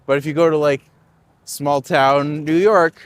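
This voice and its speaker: A man's voice: fairly high pitch, steady tone, unhurried. A man from Canada, a tour guide, chatting and joking while walking uphill outdoors. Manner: joking and chatty, laughs often. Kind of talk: casual chat while walking.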